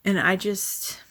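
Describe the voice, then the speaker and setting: A woman vlogger rambling casually, often sighing and restarting her sentences, speaking softly and sometimes trailing into a whisper. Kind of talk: casual rambling vlog chat.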